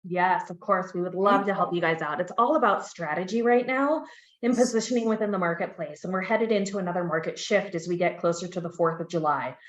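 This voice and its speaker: A woman presenting real estate market data in a webinar, steady and explanatory. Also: fairly low pitch, brisk. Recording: echoey, dull lo-fi audio.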